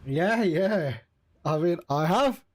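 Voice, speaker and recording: Setting up a flight simulator live, a man rambles easily to his viewers. His voice sits high and his pace is slow.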